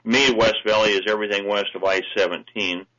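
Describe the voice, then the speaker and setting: A man's voice: lowish voice, fairly even intonation, fairly quick, fairly bright tone, highs cut off. A man who is a state representative, speaking as a guest on a radio talk show, earnest and hesitant with many fillers. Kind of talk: phone-in radio interview.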